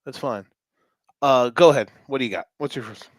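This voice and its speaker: A man co-hosting a sports podcast, talking fast and animated with swearing and jokes. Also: mid-range voice, no echo. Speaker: podcast co-host. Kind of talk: excited sports talk.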